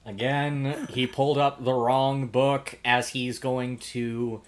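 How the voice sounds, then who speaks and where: A man narrating scenes as game master of a tabletop game, in a relaxed, descriptive way. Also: medium pitch, slow pace, slight background noise.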